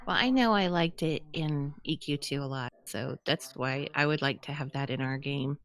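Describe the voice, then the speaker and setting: A woman with a somewhat low voice who joins a casual podcast chat. She makes short, matter-of-fact points. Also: normal speed, a bit bright. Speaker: podcast co-host.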